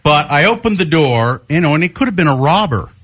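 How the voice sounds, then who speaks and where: A man's voice: on the high side, fairly quick, breathy edge. A man co-hosting a radio show, telling stories in casual banter and acting out the quotes. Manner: animated storyteller with voiced quotes. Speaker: radio co-host.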